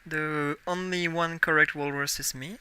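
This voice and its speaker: This young French man in his twenties, a native speaker with a French accent, chats casually on a live game stream, musing aloud and correcting himself as he plays. His voice is a little high and smooth, with a bright, forceful tone, a steady delivery, and a measured pace.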